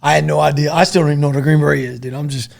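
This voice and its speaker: A middle-aged man and former soldier, a podcast guest telling stories in a casual, profane, animated way. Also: on the high side, rapid-fire, gravelly. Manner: profane, animated storytelling full of dude and man.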